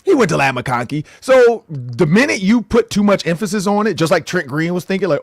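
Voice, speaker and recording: A man's voice: a little high, animated, fast talker, few pauses, no room sound, clean studio sound. A man co-hosting a casual sports analysis show, rambling and jokey, often correcting himself mid-sentence.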